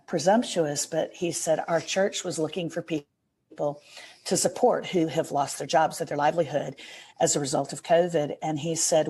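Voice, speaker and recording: A woman's voice: low-pitched, warm tone, breathy edge. A middle-aged woman, a podcast guest, telling an earnest and emotional story in a casual interview.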